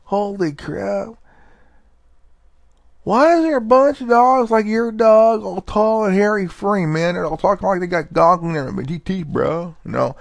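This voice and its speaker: High-pitched rambling slangy man. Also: moderate pace, vocal fry, few pauses, no echo. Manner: laid-back, profane, slangy, full of fillers and restarts. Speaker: podcast host. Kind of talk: rambling casual monologue.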